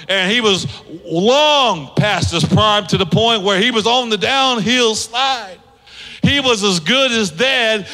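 Bright, high-voiced male pastor preaching. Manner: acts out quoted voices, asks the congregation to respond. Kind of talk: sermon. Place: church sanctuary. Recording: long church hall reverb.

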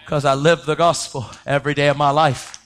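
A man preaching a sermon, telling a story with lively energy and acting out the voices of the people in it. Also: fairly quick, a little hiss or hum. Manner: animated, acts out quoted voices, pitch jumping up when excited.

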